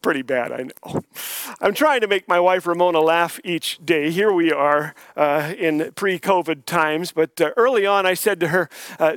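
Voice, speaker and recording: A man's voice: on the high side, moderate pace, fairly bright tone, dry recording. An older man preaching a sermon as a guest speaker, telling jokes and folksy stories. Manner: folksy, joking storyteller. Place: church sanctuary.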